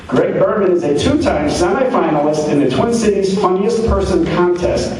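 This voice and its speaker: A man emceeing a live comedy show, telling a joke in a rambling, repetitive way. His voice sits fairly high. The sound is echoey and distant, caught from across the room with faint background noise. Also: lively intonation, moderate pace, a little mellow. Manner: rambling, repeats words.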